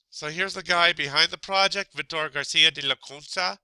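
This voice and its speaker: Bright-voiced man teaching with a stuffy nose. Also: fairly high pitch, moderate pace, clear, resonant tone, dry recording, poor audio. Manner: chatty, asides and little laughs. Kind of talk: casual recorded lesson.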